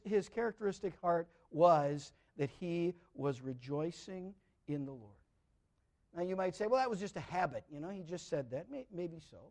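A man preaching a sermon, often restarting words and checking in with the congregation, moving between loud emphatic lines and quiet asides. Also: high voice. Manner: repeats words as he restarts, asks the audience "right?". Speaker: pastor.

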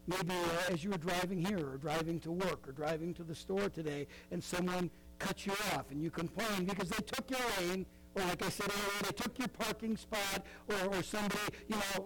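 A man's voice: high-pitched, normal speed, rough recording. A middle-aged man preaching a sermon in a conversational way, with frequent asides and fillers. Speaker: pastor.

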